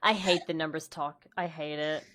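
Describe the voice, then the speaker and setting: Animated young woman streamer chatting. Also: low voice, normal speed. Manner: animated, laughs often, acts out quoted dialogue. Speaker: streamer host. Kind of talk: casual chat.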